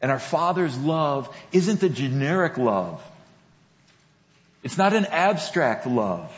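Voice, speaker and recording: A male pastor preaching a sermon, slow and deliberate, repeating key phrases for emphasis. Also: on the high side. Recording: dull lo-fi sound with long hall reverb.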